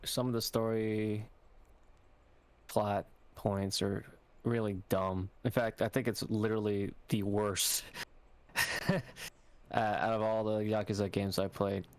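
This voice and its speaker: A man's voice: fairly low pitch, level tone, takes it slowly, pauses often, no echo. A young man co-hosting a podcast, talking in a rambling, hesitant way with lots of fillers. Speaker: podcast co-host. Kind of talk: casual chat.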